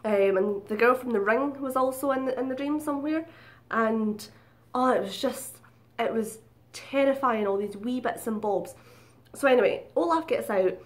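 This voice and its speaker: Speaking directly to her viewers, a woman vlogger tells a story in a casual vlog, chatty and unguarded, swearing freely and laughing at herself. Her voice is on the high side and her pace moderate.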